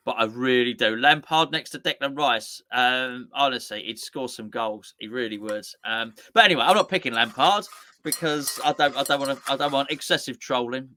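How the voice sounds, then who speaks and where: A man's voice: medium pitch, moderate pace, pushed and bright. A man co-hosting a casual football chat, rambling and playful with lots of restarts. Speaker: co-host.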